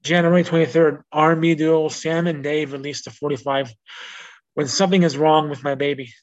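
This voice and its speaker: A man's voice: a little high, steady tone, a little fast. Rambling man hosting a music podcast. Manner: rambling, with restarts and self-corrections; reads out notes in a plain informational way. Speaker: podcast host. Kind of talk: casual solo music-history podcast. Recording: dull lo-fi recording.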